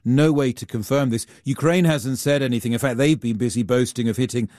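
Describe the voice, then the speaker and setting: A man, a global affairs reporter, explaining events in a measured, explanatory way during a news interview. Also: medium pitch, a little mellow, no room sound, studio quality.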